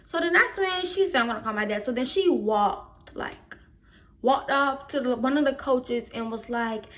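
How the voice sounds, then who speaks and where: A woman's voice: high-pitched, moderate pace. A teenage girl, animatedly retelling a school story in a casual storytime vlog. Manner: animated retelling with quoted voices. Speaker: vlogger.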